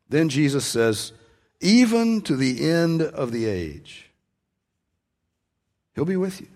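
A male pastor preaching a sermon in a conversational way, rising to strong emphasis on key points. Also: fairly high pitch. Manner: conversational preaching with emphatic rises, ending in soft prayer.

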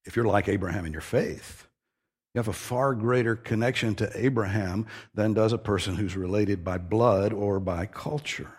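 A man's voice: fairly low pitch, normal speed, breathy edge. A man preaching an expository sermon, earnest and emphatic, stressing key phrases as he teaches.

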